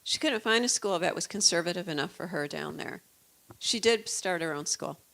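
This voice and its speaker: A woman's voice: on the low side, moderate pace, creaky, a bit bright. A woman in her fifties from the Chicago suburbs, telling stories in an earnest, chatty way as a guest author. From United States, Chicago suburbs. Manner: chatty, earnest, proud mother. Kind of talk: casual storytelling talk.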